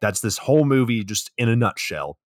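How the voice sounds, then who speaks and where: A man's voice: medium pitch, sing-song, fairly quick, dry recording, clean studio sound. A man co-hosting a podcast, recapping a movie in a crude, sarcastic way. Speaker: podcast co-host. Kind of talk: casual comedic movie recap.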